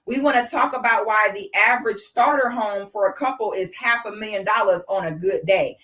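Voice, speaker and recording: A woman's voice: medium pitch, fairly quick, few pauses, bright, forceful tone. A woman, ranting bluntly and sassily on a livestream. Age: 30s. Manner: blunt, sassy, profane. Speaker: livestream host. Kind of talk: casual commentary rant.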